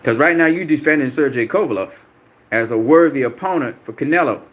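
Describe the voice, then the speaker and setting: A man's voice: mid-range voice, fairly quick, a bit bright. A man hosting a boxing channel, answering viewer comments on a live stream in a combative, profane way, repeating himself for emphasis.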